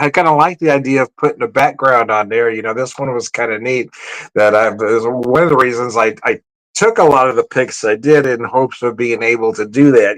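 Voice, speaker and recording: A man's voice: a bit bright, low-quality recording. Rambling chuckling beer vlogger man. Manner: rambling, chuckling, self-correcting; raises his voice high to mimic greetings. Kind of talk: casual livestream chat.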